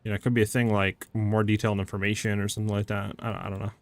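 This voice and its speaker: A man's voice: on the low side, flat delivery, rapid-fire. A man streaming a game, chatting loosely with his viewers and filling his talk with "like" and "you know". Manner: rambling, heavy on fillers like "like" and "you know"; talks to chat by name, easily restless. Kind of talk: casual live-stream chat while gaming.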